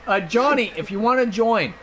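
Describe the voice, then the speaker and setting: A drunk man streaming a game over a headset, telling a long, loud, profane story in a rambling way. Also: high-pitched, lively intonation, moderate pace, slight background noise. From Oregon, United States. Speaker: streamer and gamer. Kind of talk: casual rambling storytelling while gaming.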